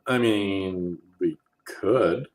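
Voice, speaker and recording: A man answering fan questions on a casual livestream, rambling and relaxed with plenty of fillers. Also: low-pitched, drawn-out words.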